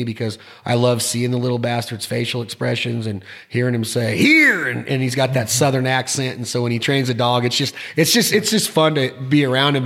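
A man hosting a casual interview podcast, talking with enthusiasm in long, rambling sentences and often repeating his words. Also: medium pitch. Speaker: podcast host.

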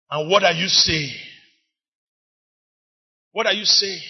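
Nigerian male preacher, very high voice, impassioned sermon with shouted, drawn-out lines. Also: husky. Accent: Nigerian English. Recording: dull lo-fi recording.

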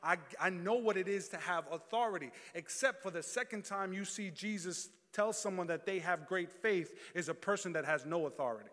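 In a high-pitched, fairly bright voice, a preacher reads from scripture and then calls out to the congregation, trading call and response. He keeps a moderate pace with few pauses, and the hall's reverb lingers long.

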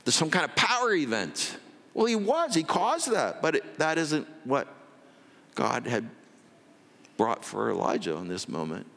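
A man preaching a sermon as pastor, telling the story with drama and dropping from loud to hushed. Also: fairly high pitch, very animated, a little slow, vocal fry, in a large hall.

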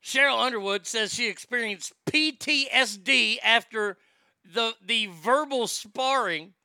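Profane male commentator, bright cutting tone, incredulous. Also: very high voice, measured pace, creaky, clear, resonant tone, dry recording, clean studio sound. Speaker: commentary host. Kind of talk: ranting news commentary.

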